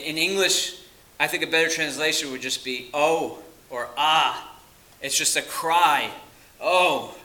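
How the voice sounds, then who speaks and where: Male pastor, very bright tone, earnest emphatic delivery. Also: mid-range voice, rough recording. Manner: earnest preaching with emphatic repetition. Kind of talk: sermon.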